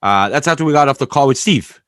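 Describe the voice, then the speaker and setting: A man's voice: medium pitch, animated, fast talker, fairly bright tone, no echo, clean studio sound. A man hosting a podcast, talking candidly in a rambling, casual way and swearing freely. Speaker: podcast host.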